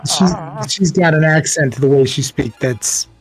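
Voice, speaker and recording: A man's voice: a little high, unhurried, music in the background, low-quality recording. Laid-back man from Florida, cussing casually. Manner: laid-back, profane, enthusiastic. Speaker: co-host on a game stream. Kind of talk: casual live-stream banter.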